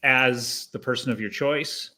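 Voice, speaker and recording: A man's voice: mid-range voice, fairly even intonation, a little slow, bright, forceful tone. A man on a charity livestream, offering a signed book with dry self-deprecating humor. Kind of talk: casual livestream banter.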